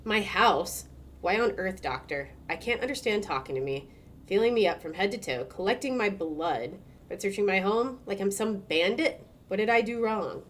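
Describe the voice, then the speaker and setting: A woman's voice: mid-range voice, expressive, normal speed, slight background noise, lightly acted. A woman voicing a wary male patient in a game, reading his lines in a defensive, indignant way. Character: wary middle-aged male patient under suspicion.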